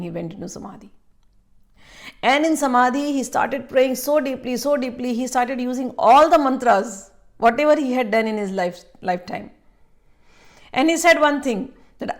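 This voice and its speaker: A woman from India telling a spiritual story aloud, halting with fillers and restarts, then more animated in the dramatic parts. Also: mid-range voice. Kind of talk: spoken storytelling.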